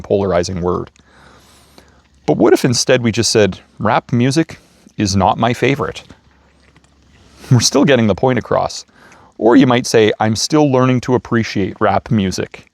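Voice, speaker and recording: A man giving a casual motivational talk, gentle and playful, chuckling as he stresses words. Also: on the low side, dry recording. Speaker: self-help speaker. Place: outdoors feeding raccoons.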